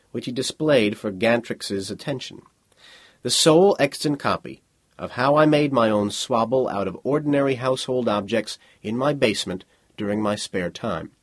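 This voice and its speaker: A man narrating a novel as an audiobook, with an expressive delivery. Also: fairly low pitch, slightly rough, dry recording, clean studio sound. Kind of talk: scripted narration.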